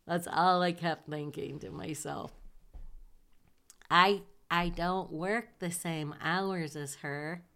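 An older woman from Michigan, speaking slowly in a lowish voice, recounts her time in the Navy. She tells her personal story with animation, acting out past conversations and laughing along the way.

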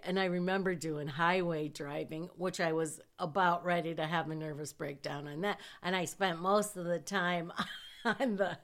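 A woman's voice: on the low side, steady tone, normal speed, a bit bright. A middle-aged woman from Michigan telling a casual personal story, self-deprecating and often laughing as she talks.

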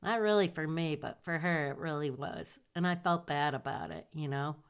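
This Navy veteran, an older woman from Michigan, has a low-pitched, clear, resonant voice and talks at a normal speed. Her storytelling is lively, as she reenacts past exchanges and laughs through them.

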